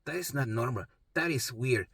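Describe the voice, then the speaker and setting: A man's voice: mid-range voice, lively intonation, moderate pace, gravelly, fairly bright tone, breathy edge, no room sound, studio quality, exaggerated voice. A man voicing his worried mother, who keeps repeating alarmed remarks about his symptoms. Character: worried mother fretting over her son.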